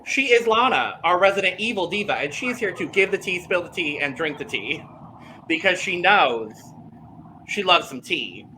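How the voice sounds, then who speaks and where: A man hosts a casual podcast with a campy, playful, upbeat manner. His voice is bright and slightly high, with a faint hiss of background noise. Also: expressive, moderate pace, low-quality recording. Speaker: host.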